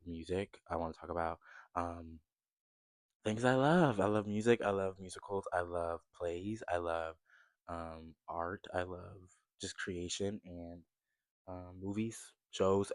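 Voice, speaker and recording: A young man in his twenties from the United States with a low, deep voice, talking casually to camera from his bedroom. His rambling, chatty delivery turns upbeat as he shows things around him. The sound is close and dry, with no room echo. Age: 20s. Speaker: vlogger.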